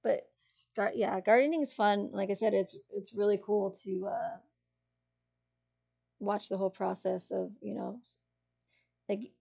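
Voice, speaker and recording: A woman's voice: mid-range voice, fairly even intonation, a little slow, vocal fry, long pauses, warm tone. A woman streamer chatting casually with her viewers, rambling and giggling, full of fillers and restarts. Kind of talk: casual chat with live chat.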